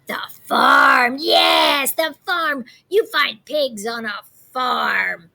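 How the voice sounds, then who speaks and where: A woman's voice: high-pitched, very slow, gravelly, exaggerated voice. A woman voicing a cranky, greedy old witch who screeches insults at farm animals in a storybook reading. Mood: scheming. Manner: screeches, shouts insults, hungry for pork.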